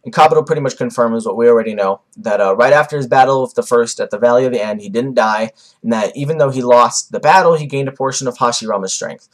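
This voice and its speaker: A man's voice: medium pitch, fast talker, few pauses. Rambling young man reviewing a comic. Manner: rambling, with many fillers and restarts. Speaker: manga reviewer. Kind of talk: casual video commentary.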